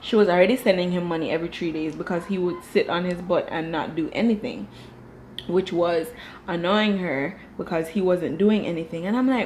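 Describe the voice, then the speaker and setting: A woman giving casual reaction commentary on a reality TV episode, animated and jumping into quoted voices. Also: fairly low pitch, fairly quick, a little hiss or hum. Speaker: reality TV reviewer.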